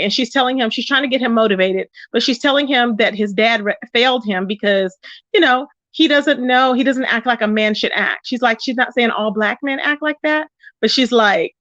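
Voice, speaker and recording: A woman's voice: a little high, a little fast, fairly bright tone, no echo. Chatty woman on dull lo-fi stream audio. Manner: chatty, greets viewers by name, calls them child and baby. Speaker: livestream commentary host. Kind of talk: casual livestream gossip chat.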